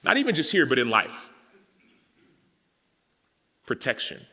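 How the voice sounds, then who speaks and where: A man's voice: medium pitch, unhurried. Man telling a story in a hall. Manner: storytelling, acts out dialogue, grows emotional and animated. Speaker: speaker at a men's summit. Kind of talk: personal testimony talk. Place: large hall with audience. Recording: reverberant hall.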